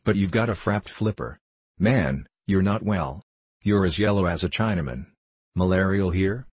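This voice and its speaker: A man doing a bluff, booming businessman. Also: moderate pace, no echo. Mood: bluff hearty. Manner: hearty, gruff and booming. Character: burly, arrogant, bluff middle-aged businessman.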